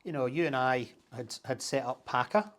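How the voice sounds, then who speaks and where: A Scottish man chatting in a relaxed interview. He tells animated stories and laughs as he goes. His speech is packed with historical detail. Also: mid-range voice, moderate pace. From Scotland. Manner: animated storyteller, laughs while talking, full of historical detail. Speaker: interviewee, content creator. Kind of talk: casual chat.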